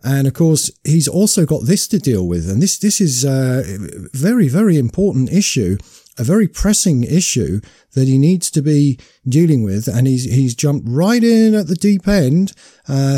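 A British man hosting a live online radio talk show, speaking in a measured, rambling way with many repeated words. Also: medium pitch, sing-song, dark tone, slightly rough, no room sound, clean studio sound.

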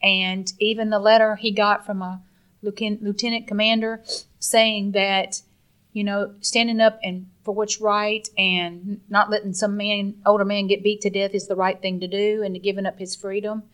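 A woman speaking as a guest in an interview, earnest and emotional, halting and restarting as she talks. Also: mid-range voice, flat delivery, fairly bright tone, clean tone. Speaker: guest, mother of the subject.

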